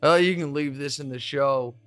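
A man in his thirties hosting a casual podcast, telling stories with quick asides. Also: on the high side, smooth, dry recording, faint music behind. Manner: animated storyteller, quick asides. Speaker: podcast host.

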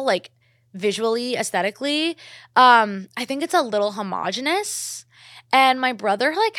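A woman's voice: mid-range voice, pushed and bright, no echo, studio quality. A young woman from New Jersey hosting a casual solo podcast, gushing and chatty with constant "like" fillers. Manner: gushing, filler-heavy, lots of "like". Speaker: podcast host.

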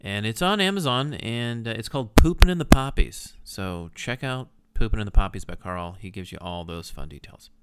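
A man's voice: on the low side, expressive, moderate pace, few pauses. A man co-hosting a casual podcast chat, teasing his partner with dry humor. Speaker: podcast co-host.

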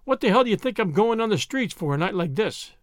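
A man's voice: sits high, big pitch swings, fast, no room sound, studio quality, pitched above the performer's own voice. A man reading an audiobook, voicing a defiant, blustering gray-haired American man of fifty. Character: gruff angry older American man.

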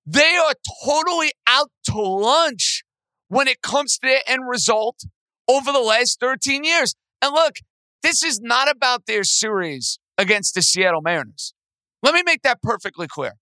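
Male sports talk host, bright forceful voice, dry close sound; angry sarcastic rants. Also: very high-pitched, lively intonation, moderate pace, smooth, dry recording, rough recording. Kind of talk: sports talk podcast rant.

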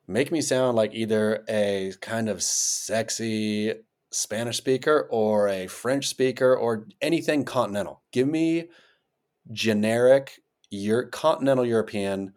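An American man co-hosting a podcast, riffing in a playful, rambling way with sudden jumps in pitch. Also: a little mellow. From United States. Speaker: podcast co-host. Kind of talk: casual chat.

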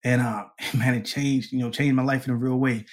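A man as an interview guest, telling a personal story in a lively way, laughing often and acting out the people he quotes. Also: mid-range voice, normal speed. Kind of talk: conversational storytelling.

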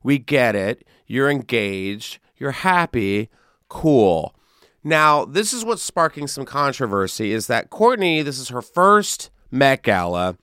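A man hosting a casual podcast, delivering a sarcastic, catty rant that swings widely in pitch and leans drawn-out and emphatic. His voice is smooth and clear. The sound is dry and close to the mic. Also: big pitch swings, a bit bright, no echo. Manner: sarcastic, catty celebrity fashion ranting with swearing. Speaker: podcast host. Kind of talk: casual chat.

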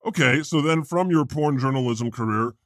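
Man doing a laid-back joking God, deadpan teasing, dry close sound, comedy podcast. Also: mid-range voice, normal speed, no room sound, natural voice. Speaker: podcast co-host. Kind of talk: comedic improv podcast chat.

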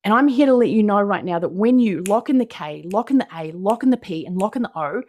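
A woman's voice: mid-range voice, animated, fast talker, dull audio. Exuberant New Zealand woman speaker. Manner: exuberant, emphatic, repeats phrases for punch. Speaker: motivational speaker. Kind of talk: motivational presentation.

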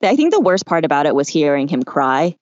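A woman hosting a casual talk show over a video call, relaxed and full of fillers. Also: deep voice, fairly quick, dry recording, lo-fi sound. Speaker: host. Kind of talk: casual online chat.

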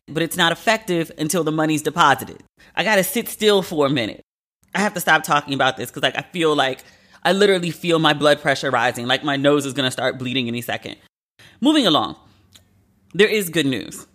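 A podcast host in their thirties, venting in a casual, animated and profane solo monologue. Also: medium pitch.

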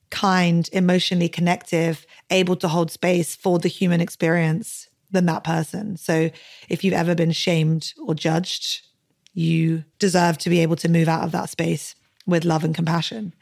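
A young woman hosts a podcast in an easygoing, chatty way. Her voice sits a little low for a woman. She peppers her talk with "like" and drops casual swear words. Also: little pitch movement, normal speed, creaky, darkish tone. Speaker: podcast host.

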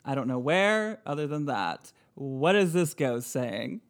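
A man's voice: mid-range voice, sing-song, a little slow. A man co-hosting a casual podcast chat, playful and laughing often. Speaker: podcast co-host.

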